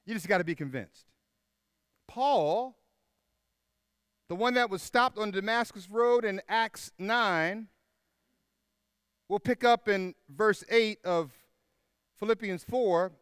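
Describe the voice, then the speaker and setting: A man preaching a sermon, emphatic and repeating his key phrases, dropping to a hush on the final words. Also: sits high, slow pace, pauses often, clear, resonant tone, no echo, studio quality.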